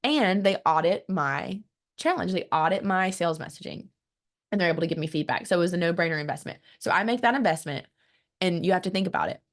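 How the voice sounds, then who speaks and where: A woman's voice: lowish voice, quick pace. Woman coaching on marketing, pumped up and emphatic, talks right at you, trips over a word now and then. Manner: energetic and emphatic, acts out quoted voices; repeats words when restarting, direct to the audience. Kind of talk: motivational business talk.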